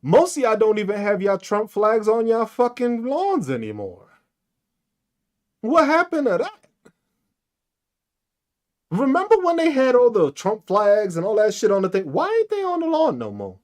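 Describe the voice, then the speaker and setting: Ranting solo, a podcast host delivers a loose, profane monologue packed with mocking rhetorical questions. His slightly mellow voice swings hugely from low grumbles to high jabs at a normal speed, with frequent pauses.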